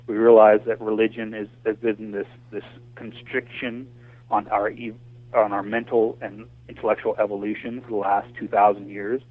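An American man with a lowish, flat-pitched voice rants passionately at a normal pace in a casual call, full of restarts and fillers. It's recorded over a tinny, dry phone line with no echo.

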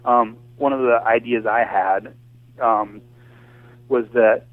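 Over a thin, tinny phone line, an impassioned American guest from the United States rants heatedly in casual call conversation, restarting often and using many fillers. His medium-pitched voice moves at a slow pace in a steady tone, and the recording is dry.

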